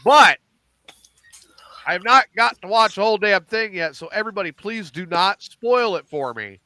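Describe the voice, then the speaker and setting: Animated, profane middle-aged man. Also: high-pitched, normal speed, dry recording. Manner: animated, profane, acts out lines from shows. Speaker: podcast host. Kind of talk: casual chat recapping TV shows.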